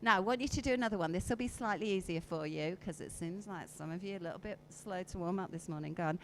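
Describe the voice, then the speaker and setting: A woman's voice: lowish voice, fast talker, slight background noise, low-quality recording. A woman giving a live workshop talk, coaxing her audience through exercises and acting out emotions with her voice. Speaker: conference speaker. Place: conference hall.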